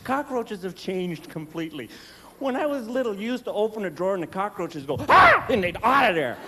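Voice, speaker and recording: A middle-aged man doing stand-up comedy, telling animated stories with panicked shrieks and gruff character voices. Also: high voice, fairly quick. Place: large theater with a live audience. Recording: live stage recording with long reverb and audience noise.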